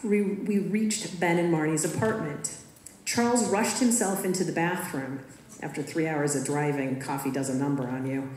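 Give me a woman with a low voice telling her story in an echoey school auditorium. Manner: measured, expressive storytelling. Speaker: author reading her story. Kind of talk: reading a personal story aloud. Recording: echoey hall.

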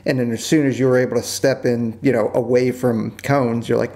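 A man co-hosting a casual podcast, talking about his work as an air controller and jumping up high when he quotes people. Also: brisk. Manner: animated, jumps up in pitch when quoting. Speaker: podcast co-host, former JTAC.

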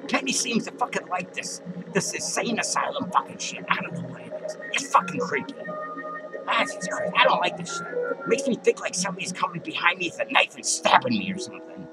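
A man playing a cranky, foul-mouthed male clown who rambles and rants in a comedic character monologue, with loud music playing behind him. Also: high-pitched, wildly swooping pitch, a little fast, rough recording. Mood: ranting. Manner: profane, rambling ranting.

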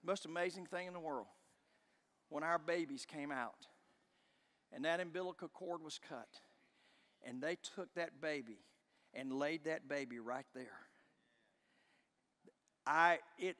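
A middle-aged man preaching a sermon as pastor, impassioned, swinging from shouts to hushed tones. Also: a little high, measured pace, long pauses, in a large hall. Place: church sanctuary.

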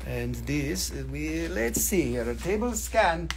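High-voiced man hawking crystals live. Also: very animated, a little slow, vocal fry, slight background noise. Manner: joking, profane, rambling. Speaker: livestream crystal seller. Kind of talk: casual live-sale patter.

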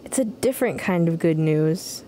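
A woman voicing a kindly, motherly village woman in a video game, speaking softly and drawing out her words. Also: lowish voice, lively intonation, normal speed, a little hiss or hum, close to an everyday voice.

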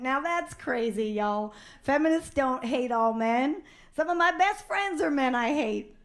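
A woman performing a deadpan stand-up comedy set on stage before a live audience. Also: sits high, a little slow, a little hiss or hum.

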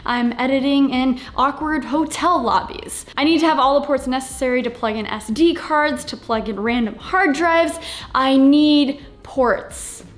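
A woman's voice: sits high, moderate pace, hardly any pauses. A guest creator, a woman talking casually to camera, emphatic and repeating points for comic effect.

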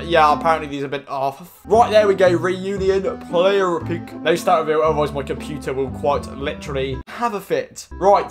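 A young man giving casual, excitable commentary on opening game packs, chatty and swearing freely. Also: high-pitched. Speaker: gaming YouTuber.

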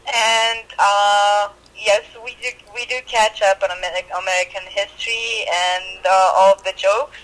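A woman's voice: medium pitch, fairly even intonation, a little slow, few pauses, a bit bright. A woman working as a customer support agent, polite and patient, heard over a phone line.

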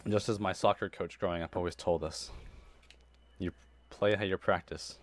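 A man chatting casually while playing a video game, excitable and sarcastic, laughing often. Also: low-pitched, normal speed. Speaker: gamer and co-host. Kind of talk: casual gaming chat.

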